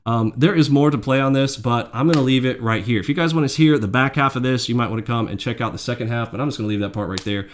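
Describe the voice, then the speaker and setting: A man hosts a trading channel and rants with open indignation. He mocks, raises his voice, then drops to low muttered asides. His pitch sits in the middle range for a man. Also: fast talker, few pauses, slight background noise. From Mexican heritage. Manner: indignant, mocking, swings between loud and muttered. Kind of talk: heated commentary rant.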